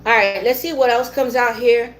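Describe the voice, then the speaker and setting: A woman's voice: fairly high pitch, steady tone, normal speed, a little hiss or hum. A woman giving a tarot reading in a blunt, repetitive way, swearing now and then. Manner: blunt, swears, repeats herself, laughs often. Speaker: tarot reader.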